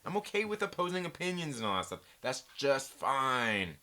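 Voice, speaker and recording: Animated, bright-voiced male stream host. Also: mid-range voice, normal speed. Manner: joking and rambling, reads and answers live chat. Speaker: live-stream movie chat host. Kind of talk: casual live-stream chat reacting to viewers.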